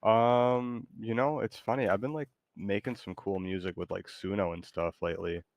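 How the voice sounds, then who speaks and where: A man with a lowish voice streams a battle royale game and chats casually. He rambles loosely, full of likes and ums. Faint clicks and game noise sit behind him. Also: fairly even intonation, moderate pace, a little mellow.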